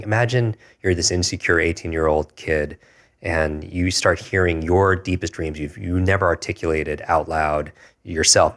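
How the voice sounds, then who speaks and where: A man in his forties with an extremely low voice tells a personal story as a podcast guest. He speaks earnestly and reflectively, often restarting, in a level, unvaried tone. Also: a bit bright. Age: 40s.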